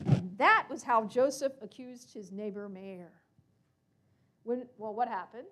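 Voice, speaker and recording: A woman's voice: a little high, measured pace. A woman telling a story to a congregation at a service, acting out the characters and asking the listeners questions. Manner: animated, acts out characters, asks listeners questions.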